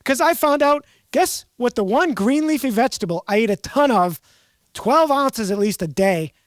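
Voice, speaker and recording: A woman's voice: a little high, lively intonation, normal speed, no room sound, studio quality. Chatty Boston woman telling rambling stories. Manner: chatty, rambling storyteller who loves puns. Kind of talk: casual chat.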